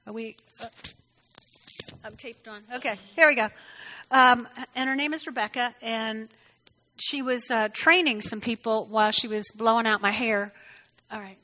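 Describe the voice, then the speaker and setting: Animated, preachy woman, high and bright, in a reverberant space. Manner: animated, preachy, rambling asides. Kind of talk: casual sermon-style talk.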